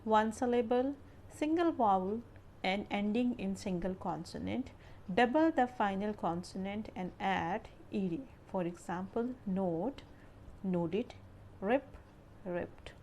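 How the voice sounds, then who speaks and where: Woman teacher reading verb lists real slow, faint hiss behind. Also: mid-range voice, a little mellow. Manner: careful, drilling word lists. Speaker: English teacher. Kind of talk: slow grammar lesson narration.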